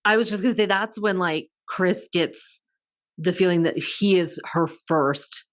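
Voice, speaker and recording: Woman, low voice, podcast co-host, chatty film recaps. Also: a little slow. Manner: retells scenes, heavy use of "like". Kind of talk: casual movie-review chat.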